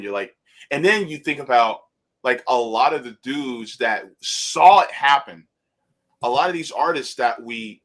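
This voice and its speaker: A man co-hosting a casual chat show, animated and laughing often. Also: mid-range voice. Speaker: co-host.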